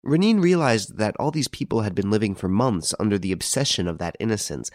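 A man narrating a classic novel as a scripted audiobook, in a measured, even storytelling manner. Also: on the low side, dry recording, studio quality.

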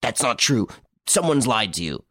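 A man's voice: medium pitch, sing-song, normal speed, bright, forceful tone, husky, no echo, studio quality, voice pushed up, full character voice. A man reading an audiobook, voicing a frightened, cornered servant who stammers fearfully as he defends himself. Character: frightened, cornered young male servant accused of murder.

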